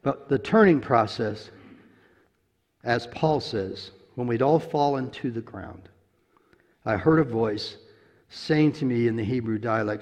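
A man's voice: mid-range voice, unhurried, long pauses, a little mellow. A man preaching a sermon, telling a story in a folksy, chuckling way. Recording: long echo of a large hall.

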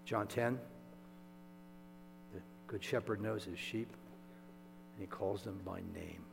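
A man preaching a sermon in a conversational, animated way, chuckling as he goes, in a church sanctuary. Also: fairly low pitch, vocal fry. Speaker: pastor. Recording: echoey hall with mains hum.

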